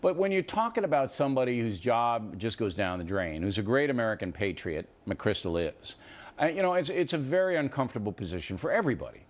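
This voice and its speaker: A male TV host talks bluntly, his pitch swinging widely as he presses each point. He cuts in on his guest. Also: big pitch swings, fast talker. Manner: blunt, emphatic, interrupts. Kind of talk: opinionated talk-show banter.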